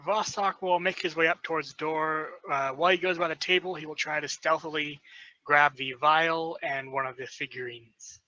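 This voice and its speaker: A man calmly describing his character's actions as a player in a tabletop game. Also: a little high, moderate pace, no room sound, muffled recording.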